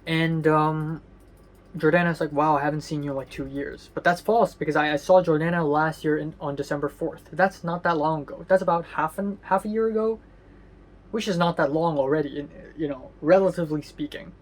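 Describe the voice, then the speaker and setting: A man recording a casual vlog diary at home, rambling and halting with lots of fillers and restarts, candid and a little sardonic. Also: fairly high pitch. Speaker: vlogger.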